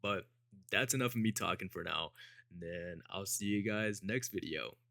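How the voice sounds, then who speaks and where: A young man with a lowish voice tells a story in a relaxed, swearing-heavy vlog style. He often breaks into laughter. His voice sounds dry and close, with no room echo. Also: moderate pace, vocal fry. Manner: laid-back, profane, laughing storyteller. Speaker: vlogger. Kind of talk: casual storytime.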